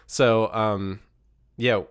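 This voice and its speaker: A man's voice: lowish voice, fairly even intonation, very slow, clear, resonant tone. A man hosting a podcast, talking casually and a bit nasal from a recent illness, with an easygoing manner. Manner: easygoing, laid-back with fillers. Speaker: podcast host. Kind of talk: casual podcast chat and ad read.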